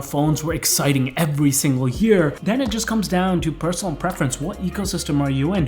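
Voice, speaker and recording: A man in his thirties talking casually to camera as a tech vlogger, relaxed and chatty with plenty of fillers. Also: fairly high pitch. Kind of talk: casual vlog talk to camera.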